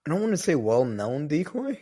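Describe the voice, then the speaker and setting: A man's voice: on the high side, big pitch swings, fairly quick, warm tone. A man co-hosting a podcast, telling a story in a rambling, casual way, with many fillers and some swearing. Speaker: podcast co-host.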